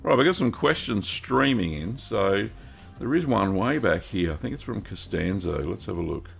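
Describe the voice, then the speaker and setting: A man's voice: on the low side, lively intonation, moderate pace, creaky, faint music behind. An Australian man hosting a live Q&A stream, chatting casually in a folksy way, greeting viewers by name and filling gaps with ums and uhs. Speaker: host of a cheese-making livestream.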